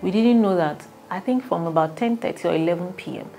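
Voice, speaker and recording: A Nigerian woman coach tells a story from her own life in a lively, expressive way, often laughing and acting out the people she quotes. Her voice sits on the lower side for a woman. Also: brisk, soft background music. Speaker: relationship coach. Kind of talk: personal storytelling.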